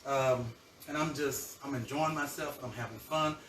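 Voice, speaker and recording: A man hosting a live cooking show, chatting warmly to viewers and savoring his food aloud in a kitchen. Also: medium pitch, moderate pace, echoey room, recorded from a distance, slight background noise, poor audio. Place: home kitchen.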